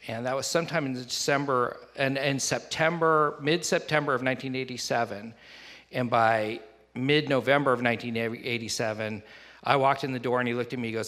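A man's voice: medium pitch, brisk, pushed and bright. A man telling a personal recovery story in a rambling, self-deprecating way, full of asides and fillers. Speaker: speaker sharing a recovery story. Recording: long hall reverb.

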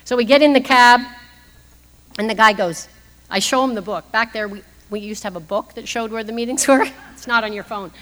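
A woman's voice: a little high, brisk, a bit bright. A woman in her fifties sharing a humorous personal story as the speaker at a recovery meeting, laughing often as she talks. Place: meeting hall. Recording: long hall reverb.

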